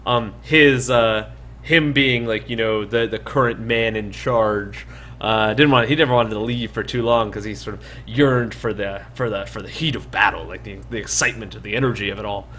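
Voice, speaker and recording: A man's voice: fairly low pitch, normal speed, pushed and bright, a little hiss or hum. Rambling man running a tabletop game. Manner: rambling with many fillers and restarts. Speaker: dungeon master.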